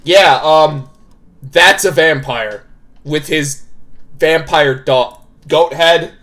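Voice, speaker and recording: A male streamer with a fairly high voice commenting casually over a game. He jokes, swears freely and reacts out loud to what happens on screen. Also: extremely slow.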